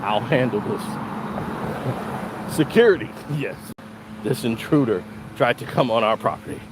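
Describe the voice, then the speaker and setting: A man putting on the voice of a snobbish rich athlete, lower and colder than his own voice. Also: expressive, normal speed, heavy background noise, lightly acted. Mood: snooty. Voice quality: low, cold and dismissive.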